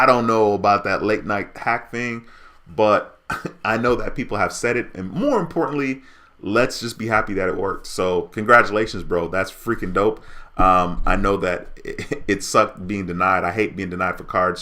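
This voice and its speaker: A man's voice: fairly low pitch, bright, forceful tone. A man hosting a casual livestream, reading viewer comments aloud in an upbeat way. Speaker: livestream host.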